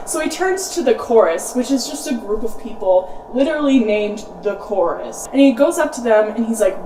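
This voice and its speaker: A woman's voice: a little high, expressive, a little fast, hardly any pauses, darkish tone, far from the mic, a little hiss or hum. A young woman hosting a show, giving a casual, slangy book summary full of "like". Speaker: host. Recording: roomy echo, off-mic, faint music.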